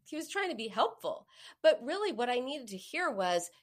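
A woman in her forties talks straight to her listener, giving warm, practical advice. She tells stories lively, often leaping up in pitch to act out what others said. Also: normal speed. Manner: animated storyteller, acts out quoted voices with sharp pitch jumps. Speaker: host giving advice on emotional eating. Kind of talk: direct-to-listener advice talk.

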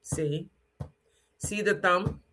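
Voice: medium pitch, drawn-out words, noisy background. An adult speaking in an unscripted teaching talk about sound, with a strong, frank and direct tone. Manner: demonstrates sounds with lively put-on voices and bits of song.

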